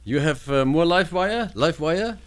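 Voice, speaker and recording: A man in casual music chat, hosting and telling stories in an animated, chatty way. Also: on the high side, a little slow, dry recording.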